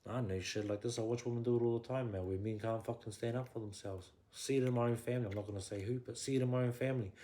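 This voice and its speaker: A man, a podcast guest, ranting in blunt, profane, emphatic conversation that swings up into shouting. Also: mid-range voice, fairly even intonation, rapid-fire, hardly any pauses. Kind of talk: heated conversational rant.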